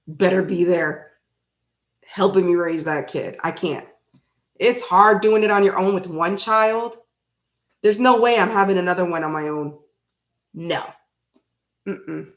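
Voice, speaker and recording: A woman in her forties, hosting a card reading stream and chatting casually with viewers, rambling through stories and laughing often. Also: fairly low pitch. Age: 40s. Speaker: tarot reading host. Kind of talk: casual livestream chat with viewers. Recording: roomy echo.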